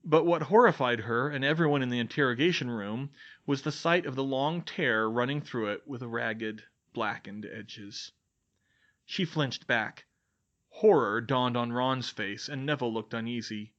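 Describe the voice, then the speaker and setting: A man reading fan fiction aloud as an expressive audiobook narration. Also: mid-range voice, unhurried. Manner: expressive, voices each character. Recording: dull lo-fi sound.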